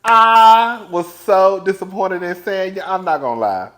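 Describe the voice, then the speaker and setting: A man casually and sassily recaps a reality show, laughing often, calling his viewers "girl," and swinging between loud and hushed. His voice sits high and he talks a little slowly.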